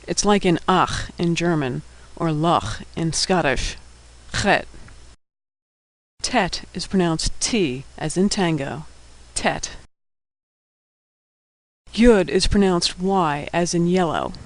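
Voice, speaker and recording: High-voiced man teaching letter sounds. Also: slow pace, long pauses, poor audio. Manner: patient, clear, spells out each sound. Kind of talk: scripted instructional narration.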